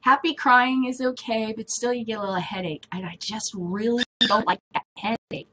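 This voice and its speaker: A woman's voice: on the high side, steady tone, moderate pace, very noisy. A middle-aged woman hosting a casual video blog, rambling to the camera with frequent laughter. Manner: chatty, laughs often, drifts between topics. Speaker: vlog host.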